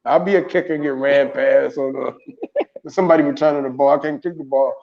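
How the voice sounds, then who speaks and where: A man's voice: mid-range voice, steady tone, fairly quick, creaky, muffled recording. A man co-hosting a casual sports talk show, rambling through his points with frequent laughs and restarts. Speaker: morning show co-host.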